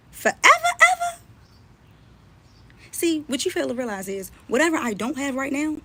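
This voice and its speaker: A woman's voice: fairly high pitch, slight background noise. A woman blogger and mother ranting on a live stream, scolding and confronting someone she is talking about. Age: adult, mother.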